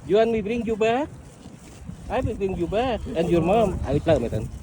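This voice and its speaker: A man speaks reassuring, simple non-native English as he coaxes his family across a bridge outdoors. His voice is lively and sits a little high. It comes through a phone recording with clear outdoor noise. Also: normal speed. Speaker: father on a family outing. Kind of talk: casual family chat.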